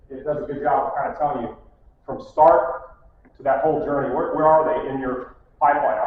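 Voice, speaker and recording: A man's voice: mid-range voice, a little hiss or hum. Blunt man speaking in an echoey hall. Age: middle-aged. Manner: blunt, storytelling, acts out quotes. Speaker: conference speaker. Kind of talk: casual keynote talk. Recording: echoey hall from far off, phone-like.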